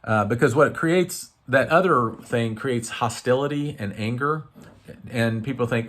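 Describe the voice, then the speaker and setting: Man, mid-pitch, slow and halting; earnest unscripted coaching talk. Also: a bit bright. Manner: halting, many restarts and fillers, earnest. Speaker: wellness coach. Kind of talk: unscripted teaching to camera.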